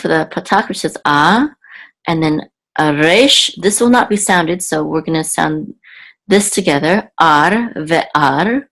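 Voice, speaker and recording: A woman's voice: low voice, a bit bright. A woman teaching an online language lesson, going patiently word by word with frequent ums and self-corrections. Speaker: Hebrew teacher.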